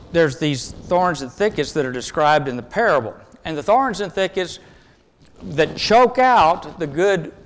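Male preacher, fairly high voice, earnest and emphatic, long reverb behind him. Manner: earnest, emphatic, swings between loud and hushed. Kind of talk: sermon.

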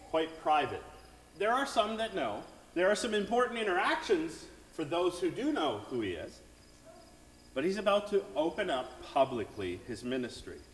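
Lively-voiced pastor preaching in a hall. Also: male voice, sits high, slight background noise. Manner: conversational preaching with frequent "right?" asides. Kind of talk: sermon. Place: church sanctuary.

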